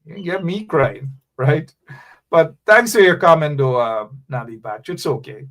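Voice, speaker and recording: Animated man hosting talk radio. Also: on the high side, unhurried. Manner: animated, preachy, calls out names, repeats phrases for emphasis. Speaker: radio show host. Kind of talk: live political talk radio, reading viewer comments.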